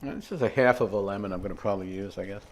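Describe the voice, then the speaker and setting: Racing along in a lowish voice, an older home cooking host demonstrates a recipe in his kitchen, rambling with fillers and asides. A little hiss or hum can be heard.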